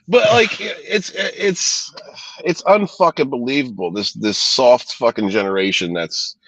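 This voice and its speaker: A man on a casual podcast, chatting in an animated way with frequent laughter and swearing. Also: medium pitch, slow pace, husky, no echo, low-quality recording.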